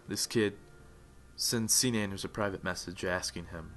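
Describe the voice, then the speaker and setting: Young male gamer narrator, lowish forceful voice, over-the-top motivational speech, soft music behind. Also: moderate pace. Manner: builds to loud, fervent swells. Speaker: gaming video narrator. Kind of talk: mock-dramatic motivational narration. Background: faint music.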